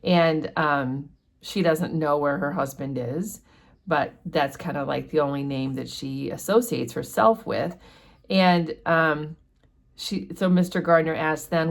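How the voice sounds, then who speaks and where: A woman's voice: low-pitched, measured pace, creaky. A woman hosting a casual book discussion, explaining a chapter in a chatty way with many fillers. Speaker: book study host.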